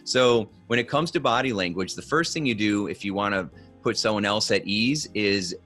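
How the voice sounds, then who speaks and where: Low-voiced man coaching calmly. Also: normal speed, faint music behind. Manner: coaching, instructive, asks "okay?" and "right?" often. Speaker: guest expert on body language. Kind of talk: conversational podcast advice.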